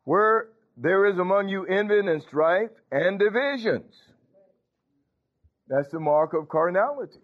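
A man's voice: high voice, animated, unhurried. A male pastor, preaching a sermon in a folksy call-and-response manner, laughing often. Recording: tinny phone-like church recording.

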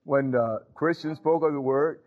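A man's voice: on the high side, moderate pace. A male pastor, preaching a sermon in a folksy call-and-response manner, laughing often. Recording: tinny phone-like church recording.

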